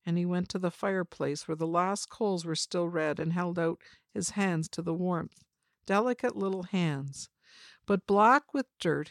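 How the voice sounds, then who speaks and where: A woman narrating a first-person memoir story in a measured, reflective way. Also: fairly low pitch, no echo, clean studio sound. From China.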